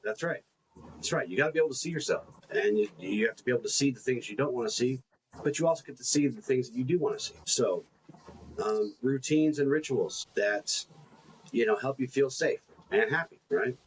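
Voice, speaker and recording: A man's voice: mid-range voice, expressive, brisk, a little hiss or hum, poor audio. A man co-hosting a coaching podcast, talking earnestly in a casual conversation and often repeating words as he builds a point.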